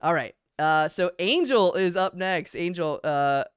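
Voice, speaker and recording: A man's voice: sits high, lively intonation, fairly bright tone, clean tone, no echo, studio quality. Laid-back man hosting a comedy stream. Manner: laughing, loose, quick asides. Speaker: host of an improv comedy livestream. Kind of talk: casual hosting banter.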